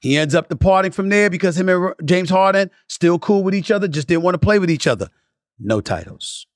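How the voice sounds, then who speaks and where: A man hosting a sports talk podcast, delivering an emphatic commentary monologue that climbs into passionate lists and drops into low, muttered asides. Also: expressive, fairly quick, no room sound, studio quality. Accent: New York. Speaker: podcast host.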